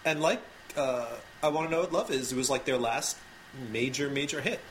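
A man's voice: mid-range voice, brisk, fairly bright tone, poor audio. A man hosting a casual music chat, dry and joking, often hesitating mid-sentence. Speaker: podcast host. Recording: clear background noise.

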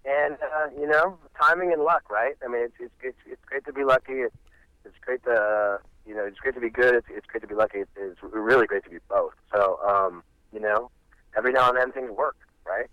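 A man's voice: mid-range voice, a little fast, no echo, highs cut off. A middle-aged man, a musician guest, telling rambling stories in an interview. He restarts often and acts out the quotes of the people in his stories. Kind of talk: animated storytelling in an interview.

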